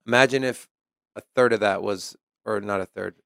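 A man's voice: lowish voice, moderate pace, creaky, fairly bright tone, no room sound, studio quality. A man co-hosting a casual podcast, reading news aloud and commenting in a chatty way. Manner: chatty, reads article quotes then comments. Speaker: podcast co-host.

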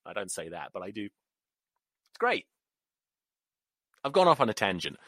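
An English man in his thirties hosting a podcast, ranting casually about rugby in an animated, sweary way that keeps wandering off on tangents. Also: lowish voice, measured pace, dry recording, clean studio sound. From England. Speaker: podcast host.

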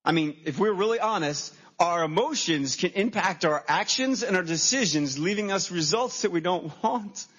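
Male pastor, high voice, animated sermon storyteller, dull lo-fi sermon recording. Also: moderate pace, few pauses. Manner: animated storytelling, acting out his own reactions. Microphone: handheld microphone.

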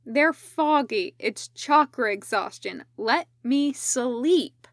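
A woman's voice: a little high, expressive, takes it slowly, dry recording, clean studio sound, exaggerated voice. A woman reading an irritable, exhausted male ninja patient who grumbles sarcastically. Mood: grumpy.

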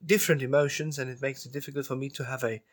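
A man's voice: mid-range voice, fairly even intonation, rapid-fire. A man chatting casually between readings, dry and hesitant, doubting himself.

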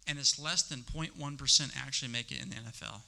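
A middle-aged man preaching a sermon, stressing some words loudly and dropping to a hush on others. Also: mid-range voice, quick pace, creaky. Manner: emphatic, swings between loud stresses and hushed asides. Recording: long reverb of a large hall.

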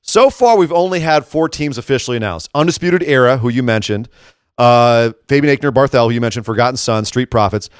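A man's voice: mid-range voice, lively intonation, fairly quick, clear, resonant tone, no room sound, studio quality. A man co-hosting a podcast, chatting animatedly in a casual wrestling recap. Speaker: podcast co-host.

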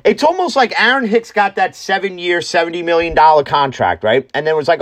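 A man's voice: fairly high pitch, animated, fairly quick, few pauses, a bit bright. A man hosting an opinionated sports talk show, ranting bluntly and swearing freely. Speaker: sports podcast host.

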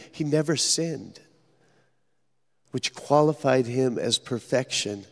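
Slow, gravelly-voiced preacher in echoey hall. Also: male voice, medium pitch. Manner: earnest storytelling preacher, dramatic pauses. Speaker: pastor. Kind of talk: sermon.

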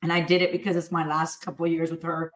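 A woman's voice: sits low, fast talker. Echoey-voiced woman telling family stories. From Texas. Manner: animated, acts out family dialogue. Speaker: entrepreneur guest. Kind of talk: casual interview storytelling. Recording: echoey room.

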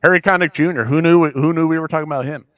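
A man from the American Midwest co-hosting a casual podcast chat, talking in animated, ranting bursts with a self-deprecating streak. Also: fairly high pitch, very fast, no room sound. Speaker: podcast co-host.

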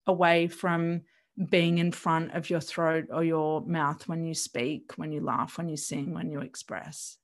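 Gentle, reflective woman coach. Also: low voice, little pitch movement, a little slow. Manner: gentle, reflective, self-questioning. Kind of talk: conversational interview.

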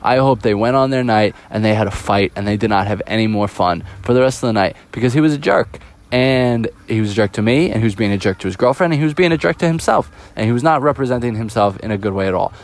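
A young man telling a personal story in a casual storytime monologue, animatedly acting out the quoted dialogue. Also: mid-range voice. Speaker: vlogger.

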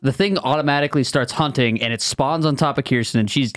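A male podcast co-host recounting his week in a relaxed, filler-laden way. His voice sits at an average pitch, recorded dry and close. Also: fast talker, no echo. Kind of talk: casual group chat.

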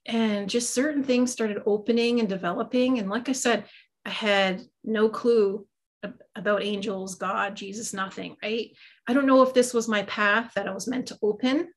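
At a normal speed and medium pitch, with fairly even intonation, a middle-aged psychic medium and Reiki master chats as an interview guest. She talks about her life in a loose, self-mocking way, leaning heavily on fillers.

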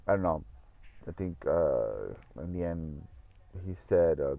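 A man's voice: low voice, sing-song, normal speed, dry recording. A man telling a story in a casual monologue, rambling, repeating himself and swearing often. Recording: tinny phone-like audio.

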